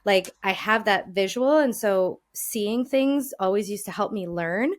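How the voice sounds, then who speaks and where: A bubbly woman hosting a podcast, full of enthusiasm and quick to break into laughter. Her voice sits in a middle pitch for a woman, and she talks in a friendly, chatty way. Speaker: podcast host. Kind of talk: casual conversational interview.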